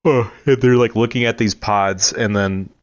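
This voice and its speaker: Halting young man, muffled lo-fi sound. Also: lowish voice, steady tone, no echo. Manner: halting, searching for words. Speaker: podcast guest. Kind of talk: casual chat. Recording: dull lo-fi sound.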